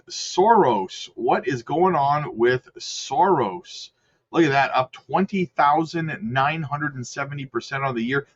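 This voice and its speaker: A man's voice: mid-range voice, highs cut off. A man giving casual, chatty market commentary on crypto charts, upbeat and talking straight to his viewers. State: hiccups.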